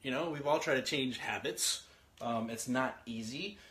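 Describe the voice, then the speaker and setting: Speaking at normal speed with a medium pitch, a motivational speaker likely in his thirties delivers a loose, high-energy talk. He keeps asking the audience questions, says things more than once, and works through an outline he writes as he goes.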